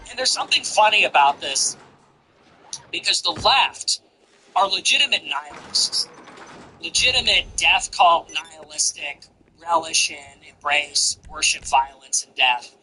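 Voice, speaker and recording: A man's voice: fairly high pitch, expressive, measured pace, sharp tone, a little hiss or hum, poor audio. A man giving blunt, profane, mocking casual political commentary.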